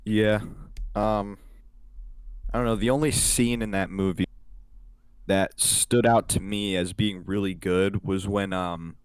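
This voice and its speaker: Low-voiced young man rambling casually. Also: little pitch movement, slow, long pauses, clean tone, no room sound. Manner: rambling, swears often, frequent fillers. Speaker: podcast co-host. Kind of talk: casual chat.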